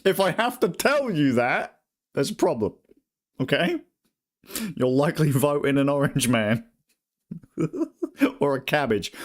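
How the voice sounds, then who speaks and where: A man's voice: medium pitch, very animated, unhurried, pauses often. A man with a British accent, swearing and joking through casual gameplay commentary. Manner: crude, joking, swears a lot. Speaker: gaming streamer. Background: faint game music.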